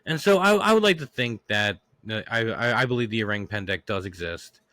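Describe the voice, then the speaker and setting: A man's voice: lowish voice, lively intonation, a little fast, fairly bright tone, no echo, clean studio sound. Rambling man hosting a solo podcast. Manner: rambling, lots of restarts and fillers. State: getting over a cough. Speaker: podcast host. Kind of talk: casual solo podcast monologue.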